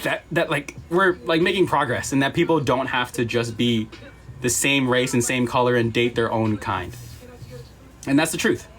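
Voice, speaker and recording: A man's voice: a little high, a bit bright. A man talking earnestly on a livestream, emphatic and apologetic, repeating himself and close to tears.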